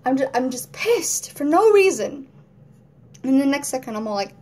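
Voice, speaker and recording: A woman's voice: sits high, very animated, moderate pace, a little mellow, slight background noise. A woman vlogging at home in casual chat to camera, rambling, laughing often and acting out moods in quoted voices.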